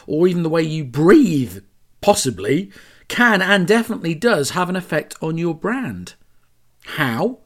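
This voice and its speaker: A man hosting a solo podcast, talking in a chatty, emphatic way with asides and self-corrections. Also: on the high side. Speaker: podcast host. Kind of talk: solo podcast talk on branding.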